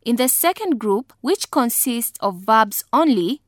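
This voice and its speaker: A woman with a slightly high voice gives a slow, carefully enunciated pronunciation lesson. She drills example words one at a time in a measured, deliberate way. The recording is close and dry. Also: animated, no echo. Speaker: English pronunciation teacher.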